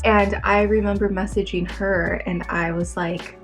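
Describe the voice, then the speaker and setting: A woman's voice: medium pitch, little pitch movement, a little slow, faint music behind. A young woman rambling casually to the camera in her bedroom, talking to her followers with lots of fillers. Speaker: vlogger. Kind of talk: casual chatty vlog.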